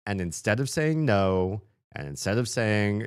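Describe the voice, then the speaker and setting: A man with a low, deep voice gives loose, playful commentary while he streams a story game. He rambles and jokes with his viewers. The sound is dry and close, with no room echo. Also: expressive, measured pace, hardly any pauses, clean tone. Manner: playful, chatty, laughs often.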